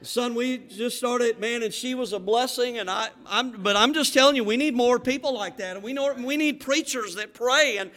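A man's voice: extremely high pitch, moderate pace, hardly any pauses, sharp tone. A man with a Southern accent from the Florida panhandle, preaching a fervent sermon as a pastor, with many restarts and rising exhortations.

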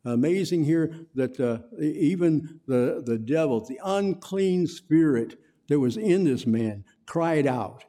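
A man teaching a Bible lesson and leading a prayer, halting with many fillers and reading Scripture slowly and emphatically. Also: fairly high pitch, animated, mellow.

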